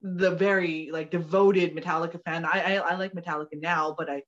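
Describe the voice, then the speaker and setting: A woman guest telling a funny story in casual chat, animated and laughing often. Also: lowish voice, a little fast. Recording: dull lo-fi audio.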